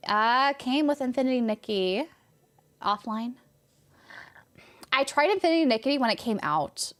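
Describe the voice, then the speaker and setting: A woman's voice: high voice, lively intonation, measured pace, fairly bright tone. A young woman from California with a light Californian accent, chatting casually on a game stream and answering chat with a rambling, laughing manner.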